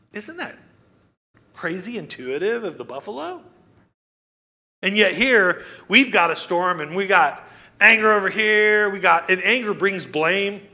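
Male pastor, higher voice, conversational sermon, asks rhetorical questions. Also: bright, forceful tone.

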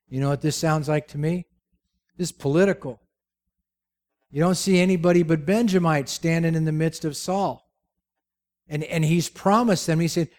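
A man's voice: fairly high pitch, unhurried, long pauses, darkish tone. A man preaching a sermon, telling the story with jokes and rhetorical questions. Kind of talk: sermon with humorous asides.

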